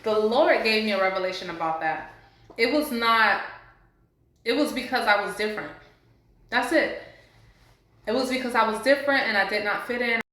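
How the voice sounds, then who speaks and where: A woman speaks straight to the camera, earnestly sharing her healing story. Her voice is bright and clear. The room rings with heavy echo. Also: a little high, normal speed, pauses often. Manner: earnest, heartfelt, faith-based encouragement. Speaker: vlogger sharing a personal story. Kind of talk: casual testimony to camera. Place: indoors, sitting before a camera. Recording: very echoey room.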